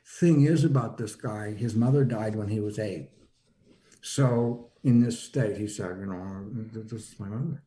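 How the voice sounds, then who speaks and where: A man recounting a personal experience in conversational storytelling, halting and full of repeated restarts. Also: warm tone. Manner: acts out quoted lines with shifts in pitch.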